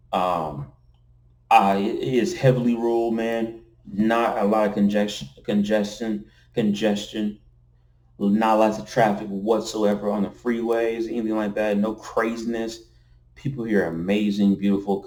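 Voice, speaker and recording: A man with a somewhat low voice talks straight to his camera from a room at night. He rambles loosely, restarts his phrases and keeps checking in with "you know what I'm saying". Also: steady tone, moderate pace, darkish tone. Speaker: vlogger. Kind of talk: casual rambling vlog talk. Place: indoors at night next to window blinds. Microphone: camera facing him.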